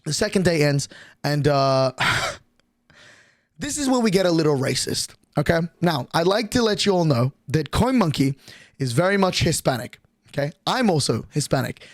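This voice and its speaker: A man's voice: fairly high pitch, big pitch swings, moderate pace, no echo, studio quality. A young man streaming, telling a rambling, profane story to his chat with lots of restarts and fillers.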